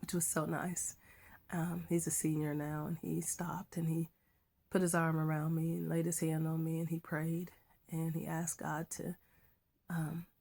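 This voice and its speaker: A middle-aged woman teacher sharing a personal faith testimony in a soft, halting way that drops to a whisper at times. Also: low-pitched, monotone, creaky. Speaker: schoolteacher.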